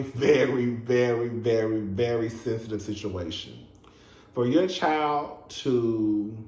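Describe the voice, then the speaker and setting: Speaking directly to his viewers, a male show reviewer gives a casual, emphatic recap of a reality TV episode, swearing freely. His pitch is medium, and the room has an echo.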